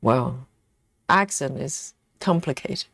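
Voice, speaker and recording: A woman's voice: very deep voice, animated, slow, creaky, a bit bright, slightly rough, no echo, clean studio sound. A woman with a British accent hosting a casual live stream, reading viewer comments aloud and musing over them, often breaking into laughter. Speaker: livestream host reading viewer chat. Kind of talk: casual live chat while cross-stitching.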